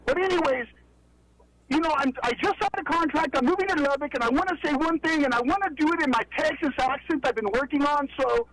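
A man's voice: very high-pitched, fast talker, a bit bright. A man calling into a radio show on a phone line, rambling and hesitant. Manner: meandering, hesitant with fillers. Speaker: caller. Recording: phone line with faint hum.

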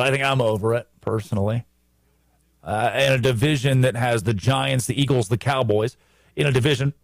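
A man hosting a sports talk show, giving animated commentary with emphatic restarts and repetition. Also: medium pitch, dry recording.

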